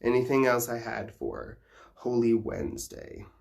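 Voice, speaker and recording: A man's voice: mid-range voice, very animated, a little slow, vocal fry, darkish tone. A man casually teaching folk magic customs in an irreverent, profane way, laughing often and using many fillers. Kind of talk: casual spiritual teaching vlog.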